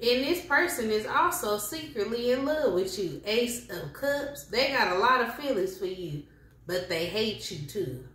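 A woman reading tarot cards for her viewers in a blunt, slangy, animated way. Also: on the high side, a little slow. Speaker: tarot reader. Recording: echoey room with faint noise.

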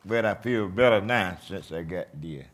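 A man's voice: low-pitched, normal speed. A man of seventy, plainly telling a personal story to a conference crowd and acting out the dialogue. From Eastern North Carolina. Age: 70s. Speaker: patient telling his story. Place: conference stage.

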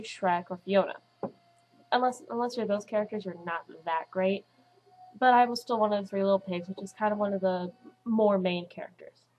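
A woman's voice: medium pitch, a little mellow, low-quality recording. Chatty teenage girl vlogging at home. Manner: chatty, dramatic, acts out quotes. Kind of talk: casual chat to camera.

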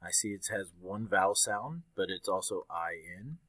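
A man's voice: deep voice, lively intonation, normal speed, a bit bright, no room sound. A young man teaching a recorded fourth-grade lesson, upbeat and patiently explaining step by step.

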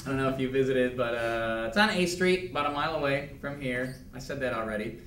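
A man's voice: medium pitch, a little fast, fairly bright tone, slight background noise. A man nervously rambling through an unprepared self-introduction at a business meeting, stammering and laughing. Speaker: quality control manager in a meeting. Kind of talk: awkward improvised self-introduction. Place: conference room on a video call. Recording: echoey room from far off.

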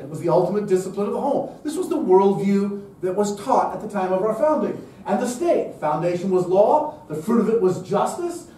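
A man addresses a gathered audience at a public event in an emphatic, lecture-style talk, using rhetorical questions to press his points. His voice is pitched high for a man but sounds mellow and dark. The mic catches him from afar in a strongly echoing room, with slight hiss or hum.

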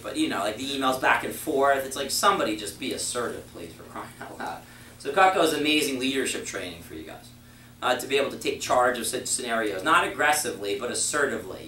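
Energetic male sales trainer, echoey room. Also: mid-range voice, a little hiss or hum. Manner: energetic, uses acted example dialogues. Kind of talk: classroom sales training talk. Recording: echoey room, mic far off.

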